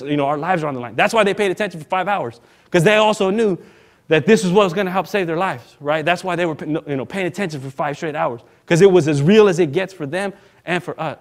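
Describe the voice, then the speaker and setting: Man, minister, storytelling sermon, casual and animated, slightly high voice. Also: fast.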